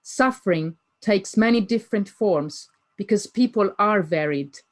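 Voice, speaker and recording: A woman giving an academic lecture, reading poetry closely with deliberate emphasis. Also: medium pitch, lively intonation. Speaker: conference speaker.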